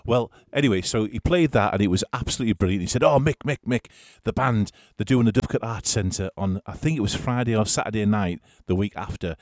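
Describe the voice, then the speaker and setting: A man's voice: on the low side, fast talker, few pauses, darkish tone, no echo, studio quality. A man telling a rambling, chuckling anecdote in a casual way. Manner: chatty, chuckling, rambling storyteller.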